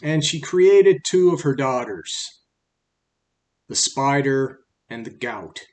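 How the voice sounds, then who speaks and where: A man's voice: mid-range voice, lively intonation, slow, a little mellow. A man casually retelling a fable in a rambling, conversational way with fillers. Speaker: storyteller.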